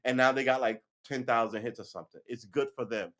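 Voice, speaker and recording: A man talking in a casual opinion monologue as host of a livestream, animated, often stumbling and restarting his words and acting out what other people say. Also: medium pitch, racing, hardly any pauses. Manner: animated, acts out voices of others.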